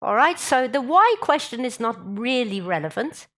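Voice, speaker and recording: A woman's voice: fairly high pitch, big pitch swings, normal speed, fairly bright tone. A woman giving a public talk, humorous and drawing the audience in with questions. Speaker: guest speaker.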